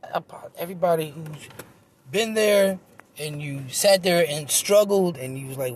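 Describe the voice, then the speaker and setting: A man's voice: a little high, normal speed, husky. A man, a comedian, talking in a rambling, profane, self-mocking monologue, recorded on a phone outdoors in a park.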